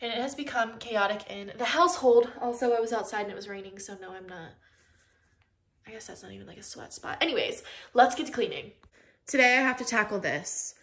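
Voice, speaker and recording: A woman's voice: on the high side, a little fast, a bit bright. A young woman, chatting casually to viewers as she cleans and tidies her home. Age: young adult. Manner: chatty, talks to viewers while tidying. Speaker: lifestyle vlogger. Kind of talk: casual cleaning vlog chat. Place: home, bathroom and closet. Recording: echoey room.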